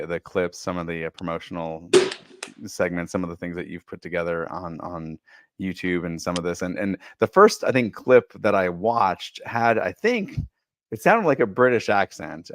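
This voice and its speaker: A man's voice: low voice, moderate pace, a little hiss or hum. A man hosting a podcast in casual interview chat, enthusiastic and stumbling over repeated words. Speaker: podcast host.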